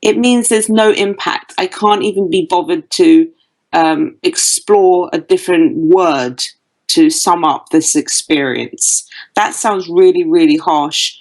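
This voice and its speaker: A woman's voice: fairly low pitch, slow pace, darkish tone, low-quality recording. A woman with a British accent, a dating coach guest on an interview podcast, talking bluntly and emphatically. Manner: emphatic, blunt advice-giving.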